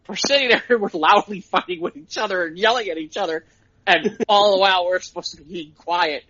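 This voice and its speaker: Excitable high-voiced man telling stories. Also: fairly quick, dull audio. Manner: excitable storyteller, laughs at his own stories. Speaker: podcast co-host. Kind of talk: casual chat.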